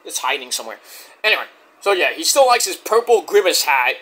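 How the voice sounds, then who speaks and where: A man's voice: a little high, a little fast. A man casually reviewing a wrestling show, rambling and cursing freely as he recaps. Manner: profane, rambling, animated.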